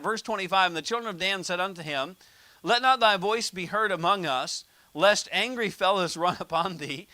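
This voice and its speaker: American guy preaching, kinda high voice, dry close mic, chatty, jokes around. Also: pushed and bright, no echo. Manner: conversational, jokey preaching with told anecdotes. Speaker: pastor. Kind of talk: sermon.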